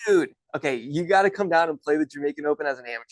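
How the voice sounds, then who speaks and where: A man's voice: fairly high pitch, lively intonation, very fast, no room sound, poor audio. Man, thirties, chatty storyteller, lots of restarts, dry close mic. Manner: chatty, loose, many restarts and "like". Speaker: guest, golf instructor and former pro golfer. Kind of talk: casual storytelling.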